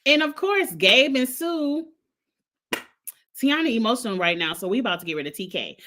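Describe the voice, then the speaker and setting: Brief: talkative female show reviewer, casual chat, animated and laughing, fairly high voice. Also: normal speed, a little hiss or hum. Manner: chatty, animated, laughs often.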